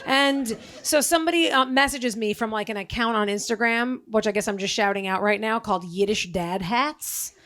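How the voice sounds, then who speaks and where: A middle-aged actress speaking in a voice a little higher than usual. She answers questions on a live stage. She is chatty and jokey, with lots of filler words. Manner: animated, quick jokes, lots of "like". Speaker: actress and guest.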